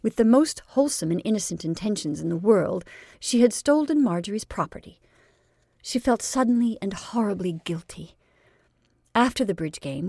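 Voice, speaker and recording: A woman reads a classic short story aloud, measured and expressive. Her voice carries a gravelly fry. The sound is dry and close. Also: mid-range voice, dry recording.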